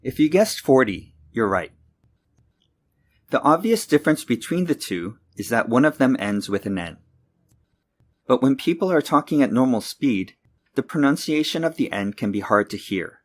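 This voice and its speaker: A man teaching pronunciation in a scripted lesson. He speaks clearly and deliberately at a middle pitch and slows down to model each word. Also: sing-song. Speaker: English teacher.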